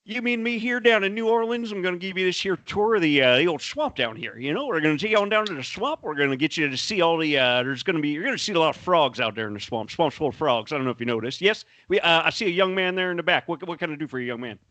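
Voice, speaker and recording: A chummy Southern swamp tour guide, as a man puts him on, rambling along in a put-on drawl. The voice sits a little high, with a bright, forceful edge. The sound is close and dry, with no room around it. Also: lively intonation, quick pace, few pauses, no room sound. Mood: folksy.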